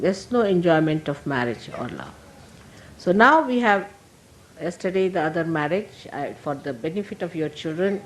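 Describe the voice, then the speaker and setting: An older woman with an Indian accent, a spiritual teacher giving a gentle, humorous sermon to her followers. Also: deep voice, a little hiss or hum, low-quality recording. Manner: gentle, humorous, laughing as she talks.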